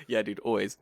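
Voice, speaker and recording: A man, co-hosting a casual podcast, telling stories in an animated way, mimicking people and swearing freely. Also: lowish voice, vocal fry, dry recording, studio quality. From England. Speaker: podcast co-host.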